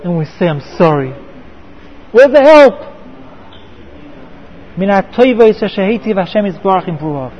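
A man's voice: high voice, lively intonation, normal speed, long pauses, dull audio. A man teaching a Torah class, often repeating words and mixing in Hebrew terms.

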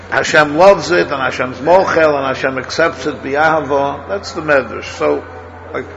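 A man's voice: on the high side, vocal fry, highs cut off, background noise. A man teaching a Torah study class as a rabbi, thinking aloud, asking his students questions and restarting his sentences often.

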